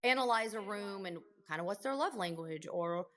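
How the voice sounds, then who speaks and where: A woman's voice: mid-range voice, lively intonation, moderate pace, crowd noise. Earnest woman nurse telling stories. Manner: earnest, emotional, many restarts and "like"s. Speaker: ICU nurse and podcast guest. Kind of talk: conversational interview storytelling.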